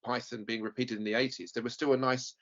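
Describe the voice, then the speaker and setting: A man's voice: mid-range voice, flat delivery, fast, fairly bright tone. A man from Essex interviewing a guest, chatting casually with plenty of hesitations. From Essex, England. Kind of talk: casual chat. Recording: dull lo-fi sound.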